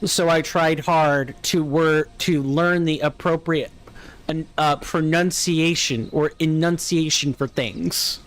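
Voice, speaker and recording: A man's voice: on the high side, fairly even intonation, takes it slowly, fairly bright tone. A man with a General American accent, chatting casually with viewers while streaming a game, musing and answering chat aloud. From United States. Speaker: let's play streamer. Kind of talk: casual live gameplay chat.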